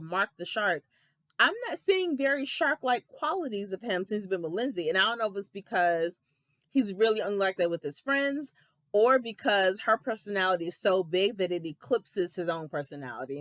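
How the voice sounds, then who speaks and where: A woman in her thirties hosts a casual reality TV recap, animated and opinionated. She talks with sassy asides and sudden jumps in pitch when she wants to stress something. Her voice sits at a middle pitch and is recorded dry and close to the mic. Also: dry recording. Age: 30s. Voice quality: expressive pitch jumps for emphasis. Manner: sassy, animated, quick asides, dramatic quoted reactions.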